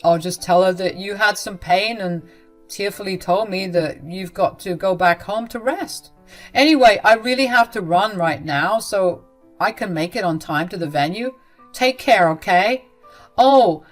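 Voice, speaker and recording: A woman's voice: mid-range voice, measured pace, faint music behind, lightly acted. A woman voicing a cold, dismissive young man who brushes his mother off.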